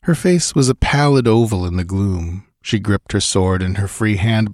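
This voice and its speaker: A man giving audiobook narration in measured, steady storytelling. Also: on the low side, dry recording, clean studio sound.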